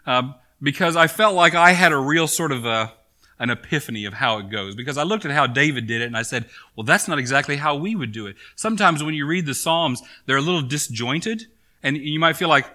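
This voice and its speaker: A man preaching with a bright, forceful tone and a voice pitched a little above most men's. He talks to his congregation casually, pausing on fillers and checking in often. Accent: Maine. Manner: conversational preaching with frequent fillers and "okay?" check-ins. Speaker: pastor. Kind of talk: sermon.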